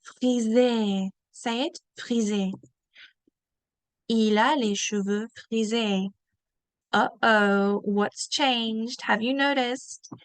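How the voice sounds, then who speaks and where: A woman teaching a beginner French lesson, modelling each word slowly and asking learners to repeat it. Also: on the high side, fairly even intonation, smooth, no room sound. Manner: slow, drawn-out modelling of each word for repetition.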